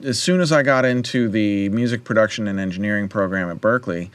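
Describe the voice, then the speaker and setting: Guy hosting a livestream, smooth clear voice, dry close sound, chatty story mode. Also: on the low side, a little fast, dry recording. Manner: animated, acts out quoted voices. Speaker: livestream host. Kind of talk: casual storytelling.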